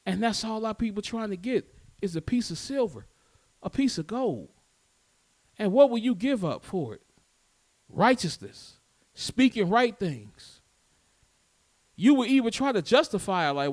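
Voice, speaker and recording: A man preaching a sermon, swinging between loud, emphatic lines and low, soft ones. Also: very animated, a little slow, pauses often. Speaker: teacher.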